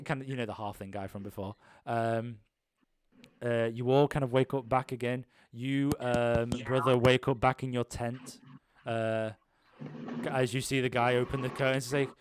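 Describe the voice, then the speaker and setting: A man's voice: medium pitch, little pitch movement, normal speed, a little hiss or hum. Young male GM, loose rambling narration, lots of ums, tabletop one-shot. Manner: rambling, many ums and restarts. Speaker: game master. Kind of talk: improvised tabletop game narration.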